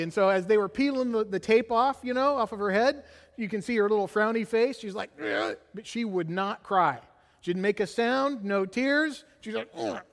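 A middle-aged pastor with a high-pitched voice shares a personal story from the pulpit, full of animated energy and frequently ending lines with "right?". The long reverb of a church sanctuary carries his words.

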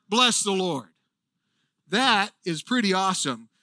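A man preaching a sermon as a pastor, with earnest, animated delivery and emphatic asides. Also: high-pitched, moderate pace, dry recording.

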